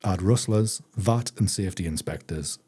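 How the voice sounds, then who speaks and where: A man reads a farming diary aloud on a live stream at an easy, unhurried pace. His voice sits very low, with a dark, husky grain. He breaks off now and then for chatty asides to his viewers. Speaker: streamer reading a book aloud.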